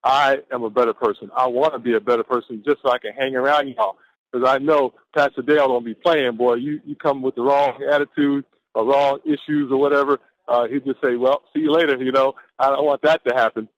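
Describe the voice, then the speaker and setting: A man's voice: medium pitch, fairly even intonation, fairly quick, dry recording. A man, from Atlanta, giving an exuberant, preacher-like motivational pep talk on a conference call and stretching out his key words. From Atlanta, Georgia, USA. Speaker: caller on a team conference call. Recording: dull lo-fi conference call audio.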